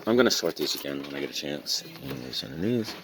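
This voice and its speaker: A man casually talking through a pile of records he is reselling, reading out album titles and dropping deadpan jokes as he goes. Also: rumbling low, quick pace, noisy background. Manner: rambling, reads out album titles with deadpan joking asides. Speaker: reseller showing a record haul. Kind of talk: casual vlog commentary.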